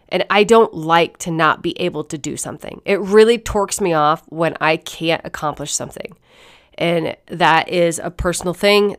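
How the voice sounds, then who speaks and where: A woman's voice: on the low side, clear, resonant tone. Blunt, profane woman telling a story. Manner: blunt and profane, laughs often. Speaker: fitness and nutrition coach. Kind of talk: casual storytelling monologue.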